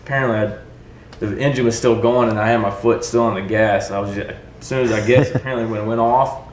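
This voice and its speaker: A man's voice: mid-range voice, fairly even intonation, fast. A man from Texas, a veteran guest, telling a war story in a joking, casual way and acting out what people said. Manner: joking, acts out quotes. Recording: echoey room, faint noise.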